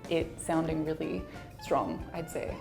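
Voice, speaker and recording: A woman's voice: low-pitched, measured pace, creaky, over music. An Australian woman chatting casually, with plenty of fillers and frequent laughs. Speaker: interviewee in a reacted-to video. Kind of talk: casual chat.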